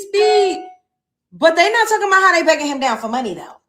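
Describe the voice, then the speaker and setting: A woman with a high voice gives commentary in a social media clip. She talks in a sassy, emphatic way. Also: big pitch swings, brisk, a bit bright.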